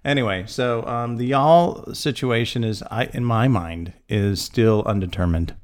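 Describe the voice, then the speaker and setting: A man's voice: medium pitch, a little slow. A middle-aged man from Massachusetts co-hosting a podcast, chatting casually with his daughter in a dry, self-deprecating way and laughing often. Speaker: podcast co-host. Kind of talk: casual chat.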